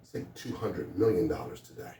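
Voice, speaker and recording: A man's voice: deep voice, fairly quick, warm tone, slight background noise. A man speaking as a motivational speaker, animatedly telling a story to students and building to urgent emphasis. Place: school hall. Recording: echoey room from a distance.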